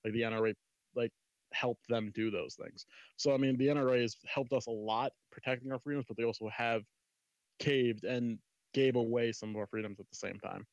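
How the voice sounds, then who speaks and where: A man's voice: medium pitch, steady tone, brisk, no echo. A man in a casual debate who talks in an emphatic, rambling way and swears now and then. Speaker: panel guest. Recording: dull lo-fi mic.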